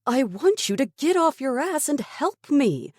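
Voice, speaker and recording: A woman's voice: mid-range voice, sing-song, a little slow, dark tone, husky, dry recording, studio quality, voice pushed up. A woman voicing a desperate, defiant woman research scientist in an audiobook, insistent and pleading. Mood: furious. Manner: insistent, pleading, rising to anger. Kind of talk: audiobook character voice.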